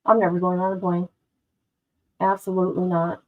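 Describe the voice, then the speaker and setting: A woman's voice: lowish voice, flat delivery, moderate pace, phone-quality sound. Woman streaming, super dramatic, gasping at stuff and chatting with her viewers. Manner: dramatic, exclamatory, talks to herself. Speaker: livestream host. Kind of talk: casual livestream chat. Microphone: no headphones, device mic.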